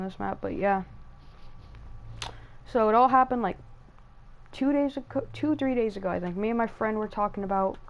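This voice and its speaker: A woman hosting a gaming channel, telling a casual story over gameplay in an excitable, rambling way, with lots of fillers and restarts, on a headset mic. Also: medium pitch, poor audio.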